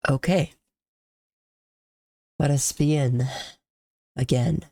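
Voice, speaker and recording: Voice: mid-range voice, steady tone, very slow, dark tone, no room sound. A sick, congested and tired streamer giving casual, rambling commentary on a video game, often trailing off and restarting sentences.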